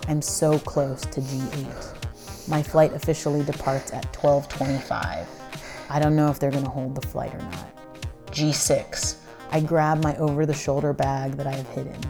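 A woman with a low, gravelly voice narrates her own story. She tells it breathlessly and dramatically, letting a curse slip now and then. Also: flat delivery, moderate pace, music in the background. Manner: breathless, dramatic, swears at times. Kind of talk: first-person storytelling.

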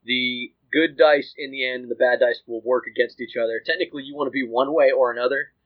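A man's voice: mid-range voice, fairly even intonation, a little fast. A man running a tabletop role-playing game, explaining rules and teasing the players. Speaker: game master. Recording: dull lo-fi audio.

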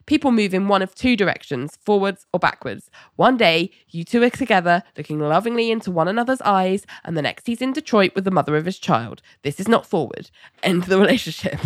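A woman voicing a blunt, stern middle-aged therapist who talks in curt, flat orders. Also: mid-range voice, a little fast, no echo, clean studio sound, close to an everyday voice.

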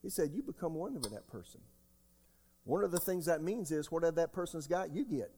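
A man in his sixties preaching a sermon as pastor, emphatic, jumping between loud outbursts and quiet asides. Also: on the high side, lively intonation, fairly quick, breathy edge. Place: church sanctuary. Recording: long hall reverb.

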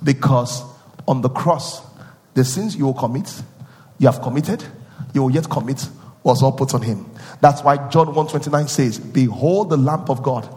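A male preacher giving a sermon, repeating phrases and questioning his listeners, rising from quiet teaching into sung and shouted peaks. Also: medium pitch, moderate pace, long reverb tail.

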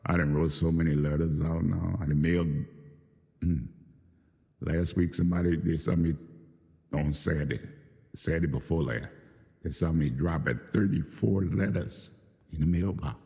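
A man's voice: very deep voice, fairly even intonation, normal speed, gravelly, pauses often, dark tone, in a large hall. A man hosting his own show, delivering a profane, confrontational unscripted monologue. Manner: profane, venting, confrontational, addressing people by name.

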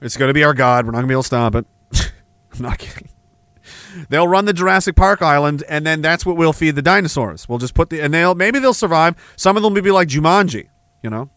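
Male podcast host, angry profane ranter, sarcastic, pitched high. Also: animated, quick pace, a bit bright, dry recording. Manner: sarcastic asides. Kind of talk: livestream rant reading chat messages.

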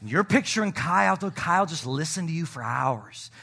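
A middle-aged male pastor preaching a sermon, joking with the congregation and swinging between loud shouting and soft asides. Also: fairly high pitch, expressive, moderate pace, creaky, a little hiss or hum.

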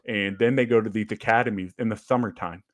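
On this dry recording, a young man with a lowish voice talks at a quick pace. He co-hosts a podcast and used to play ball, and his casual chat is animated storytelling full of fillers and restarts.

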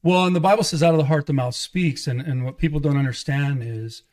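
A middle-aged man, an evangelist, telling his life story in casual conversation, animated and acting out quoted dialogue. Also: fairly high pitch, brisk. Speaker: guest, evangelist and pastor.

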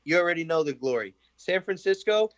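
A man's voice: on the high side, a little fast, no echo. A young man as a podcast guest in casual chat, telling stories and acting out the quotes with a laugh. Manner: animated storyteller, acts out quotes, laughs often.

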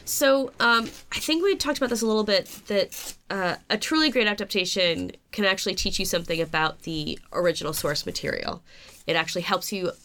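A woman's voice: mid-range voice, brisk, fairly bright tone. A woman co-hosting a podcast, chatting casually from her notes, self-mocking and laughing at her own slips. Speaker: podcast co-host. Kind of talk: casual chat, talking through notes.

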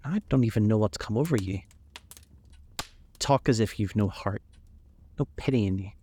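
A man's voice: fairly low pitch, moderate pace, mellow, a little hiss or hum, lightly acted. A man voicing an anguished, earnest older male painter in a storybook reading, pained and pleading. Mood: distressed.

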